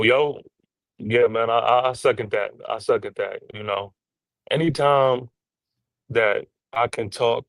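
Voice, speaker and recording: Chill podcast guest, gravelly low voice, super relaxed slang. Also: male voice, no room sound. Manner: laid-back, relaxed slang. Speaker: podcast panelist. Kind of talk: casual chat.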